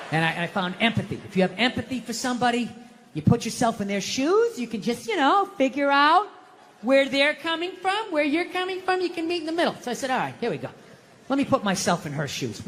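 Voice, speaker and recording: A man with a Boston accent doing a profane stand-up rant on stage, dropping to low mutters and jumping to high outbursts. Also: long reverb tail, noisy background. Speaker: stand-up comedian. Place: live venue with audience laughter.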